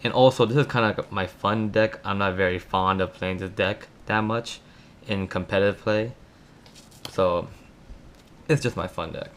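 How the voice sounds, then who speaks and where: Deep-voiced man with a lisp. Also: a little hiss or hum. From Florida. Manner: talks fast, hesitant with ums. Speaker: card game player. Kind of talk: casual deck profile. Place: home room at night.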